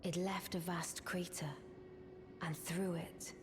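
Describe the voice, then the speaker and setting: Mysterious commanding sorceress, low voice, slow, formal and breathy, game music behind. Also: female voice, little pitch movement, a little hiss or hum. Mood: aloof. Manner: archaic formal speech, soft breathy delivery. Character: regal mysterious female sorceress, aloof and commanding.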